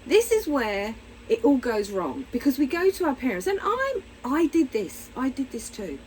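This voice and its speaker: Woman therapist, middle-aged, casual and frank to camera, very animated delivery, faint hiss behind her. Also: sits high, normal speed, low-quality recording. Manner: candid, blunt, animated, acts out little voices. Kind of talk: casual explanatory talk to camera.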